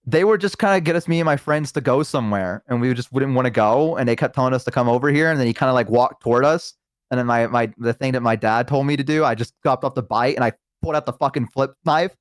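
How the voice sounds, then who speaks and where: A man's voice: medium pitch, fast, no echo, studio quality. Guest streamer, a man, rambling storyteller who acts out quotes. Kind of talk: casual chat.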